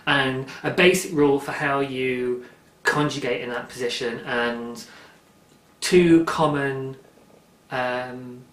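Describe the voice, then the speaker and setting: A man's voice: medium pitch, fairly even intonation, slow pace, a bit bright. A young man hosting a knitting podcast, talking in a rambling, chatty way and laughing often. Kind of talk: casual chat. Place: indoor room at home, daylight. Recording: roomy echo.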